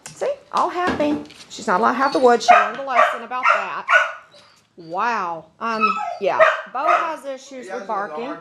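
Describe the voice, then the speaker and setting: A woman's voice: a little high, expressive, moderate pace, heavy background noise. A woman filming her dogs at home on a handheld camera, chatting in a rambling way between firm commands to them. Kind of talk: casual home video narration. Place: at home, indoors.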